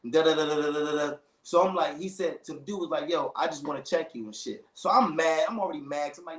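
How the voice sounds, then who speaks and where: Animated man telling a story in an echoey room. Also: fairly high pitch, quick pace, hardly any pauses. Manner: animated storytelling with slang and quoted voices. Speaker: storyteller in a casual conversation. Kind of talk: casual chat.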